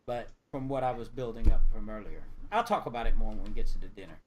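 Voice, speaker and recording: A man's voice: fairly low pitch, fast, slight background noise. A man talking casually as a player in a tabletop game, explaining his thinking at length and swearing freely.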